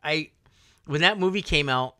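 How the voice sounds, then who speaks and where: A man's voice: fairly high pitch, moderate pace, bright, forceful tone, clear, resonant tone, dry recording, clean studio sound. A man in his forties co-hosting a podcast, chatting casually and rambling with lots of fillers. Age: 40s. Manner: rambling, laughing, full of fillers. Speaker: podcast co-host. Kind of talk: casual chat.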